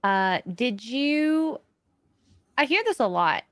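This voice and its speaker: A woman's voice: high-pitched, lively intonation, fairly bright tone, no room sound, clean studio sound. A woman co-hosting a podcast, chatty and playful in casual talk. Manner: chatty, playful, quick to laugh. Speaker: co-host.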